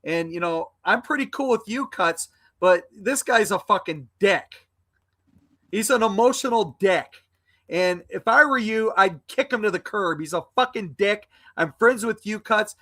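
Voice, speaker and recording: A man's voice: high-pitched, animated, measured pace, a bit bright. A man on a live video call, angrily insulting a troll in a heated argument, repeating himself. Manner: angry, insulting, repetitive. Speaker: guest on a live stream.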